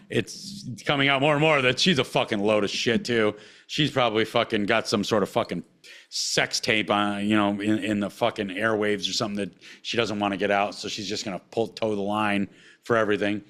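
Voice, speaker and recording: Podcast host, man, mid-pitched, profane ranting monologue that jumps from muttering to loud outbursts. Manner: heated, swearing constantly, swings between low mutters and loud outbursts.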